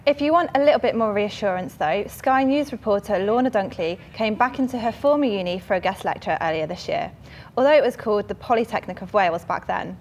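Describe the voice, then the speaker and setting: A young woman co-presenting a student show, reading links briskly and chatting. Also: mid-range voice, a little mellow, slight background noise. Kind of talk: scripted presenting and casual chat.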